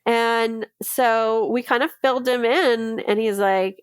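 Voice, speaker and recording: Candid higher-voiced woman recounting her ordeal. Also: takes it slowly, clean tone, no echo. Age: adult, mother of a daughter. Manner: candid, emotional storytelling with quoted dialogue. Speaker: interviewee recounting her experience. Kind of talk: personal testimony in a true-crime podcast.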